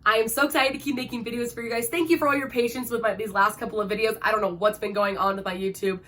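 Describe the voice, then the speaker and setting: A woman's voice: on the high side, fairly even intonation, fast talker, a bit bright. A woman hosting an emotional book-review vlog, gushing and dramatic, peppering her talk with "like". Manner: gushing and dramatic, heavy use of "like". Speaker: book vlogger host.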